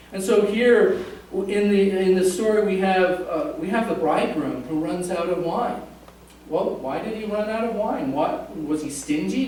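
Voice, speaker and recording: High-voiced pastor in an echoey church. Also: male voice, a little mellow, a little hiss or hum. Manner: conversational, jokes with the congregation. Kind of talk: sermon. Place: church sanctuary. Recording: echoey church from a distant mic.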